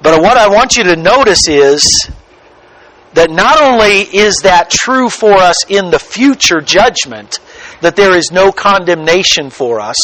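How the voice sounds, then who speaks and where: A man preaching a sermon as pastor, slow and emphatic, stretching out key words for weight. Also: high-pitched, a bit bright, no echo, rough recording.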